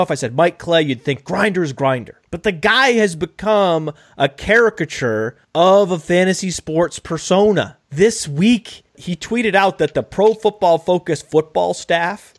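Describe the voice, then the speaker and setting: A man co-hosting a casual podcast, needling his partner in an animated, quick-fire way. His voice sits fairly high. The sound is dry and close to the mic. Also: dry recording. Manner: animated, needling, fast-talking. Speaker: podcast co-host.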